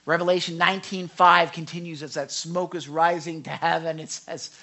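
A man preaching a sermon as pastor, emphatic and swinging between loud and hushed delivery. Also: fairly high pitch, little pitch movement, normal speed, hardly any pauses.

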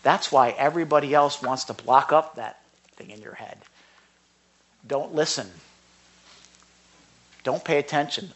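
A man of medium pitch teaches from the Bible in an earnest, conversational sermon. He swings between loud rhetorical questions and hushed asides.

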